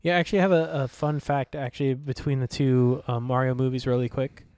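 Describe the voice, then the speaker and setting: A man's voice: mid-range voice, little pitch movement, brisk, darkish tone, clear, resonant tone, no echo, studio quality. A man co-hosting a movie review podcast, talking casually and a bit hesitantly. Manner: hesitant, lots of fillers and restarts. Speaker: podcast co-host.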